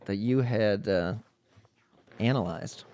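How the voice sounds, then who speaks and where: Male podcast host, slow and measured, mid pitch, dry sound, hesitant with "uh" fillers. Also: darkish tone, clean tone, dry recording. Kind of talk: podcast interview.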